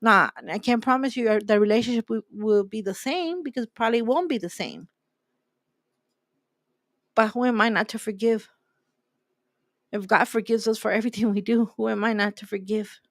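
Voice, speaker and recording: A woman's voice: fairly high pitch, moderate pace, long pauses, no echo, clean studio sound. Emphatic woman preaching. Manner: emphatic, repeats key phrases. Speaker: host. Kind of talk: preaching-style talk.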